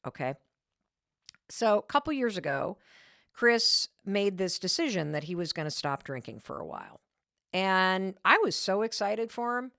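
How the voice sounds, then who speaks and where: A woman's voice: low voice, a bit bright, no room sound, studio quality. A middle-aged woman hosting a podcast, telling a candid, self-mocking story in a casual way and acting out the quoted lines. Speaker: podcast host.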